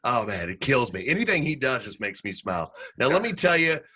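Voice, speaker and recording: A man co-hosting a podcast, telling stories in a casual, animated way and laughing as he goes. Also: mid-range voice, fairly quick. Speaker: podcast co-host. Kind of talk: casual storytelling chat.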